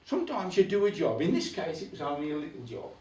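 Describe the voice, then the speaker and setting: Older Black Country male storyteller, wry and chatty; high, animated voice in a roomy hall, distant mic. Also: quick pace. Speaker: folk club storyteller. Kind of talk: humorous storytelling to a live audience. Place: folk club room.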